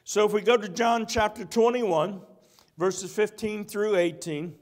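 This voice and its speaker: High-voiced folksy male preacher. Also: steady tone. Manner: swings between loud emphatic bursts and soft, slow delivery. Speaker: pastor. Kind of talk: sermon. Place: church sanctuary.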